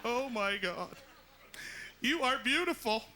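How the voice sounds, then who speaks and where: A man's voice: very high voice, animated, slow pace, background noise, pitched above the performer's own voice, full character voice. A man doing a gushing, tearful talk-show hostess.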